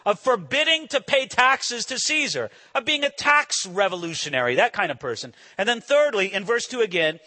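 High, animated male preacher with hall echo. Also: moderate pace, hardly any pauses. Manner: animated and emphatic, asks the listeners questions. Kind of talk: expository sermon. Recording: long hall reverb.

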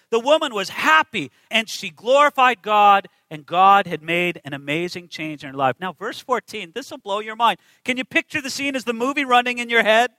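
A man's voice: extremely high pitch, pushed and bright, dry recording, rough recording. A man preaching a sermon, emphatic and full of rhetorical questions to his listeners.

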